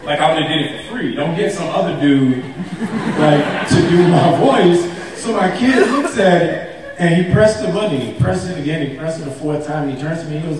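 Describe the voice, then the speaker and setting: A man on a convention stage telling funny stories in a casual, animated way, laughing and acting out what people said. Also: on the high side, moderate pace, heavy background noise. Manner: animated, laughing, acts out quotes with a raised voice. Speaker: actor on a convention stage panel. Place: large convention hall. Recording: echoey hall, mic heard from a distance.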